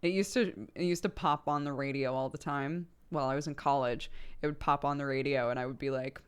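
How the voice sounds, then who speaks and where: Speaking a little fast in a clear, resonant voice, a young woman streamer chats easily with her viewers. She laughs often, her pitch springing up as she gets excited.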